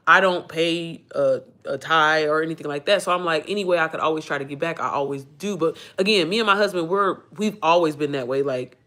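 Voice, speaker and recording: A woman's voice: on the low side, a bit bright. A woman, chatting in a rambling, emotional way on a livestream, swearing freely. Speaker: livestream host. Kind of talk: casual livestream chat.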